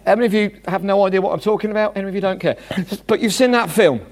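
A man preaching a sermon to a congregation, animated and jokey, swinging from loud bursts to hushed asides. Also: high-pitched, very fast.

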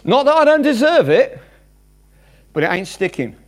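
Guy preaching a sermon, highish voice, really bouncy up and down, jokey, goes loud then hushed. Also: normal speed. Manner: animated, jokey, swings between loud bursts and hushed asides.

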